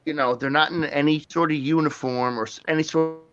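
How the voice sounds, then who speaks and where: A man's voice: on the high side, steady tone, brisk, a bit bright, clean tone, no room sound, lo-fi sound. A man hosting a livestream, telling rambling, profane stories in casual chat and laughing often. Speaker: livestream host.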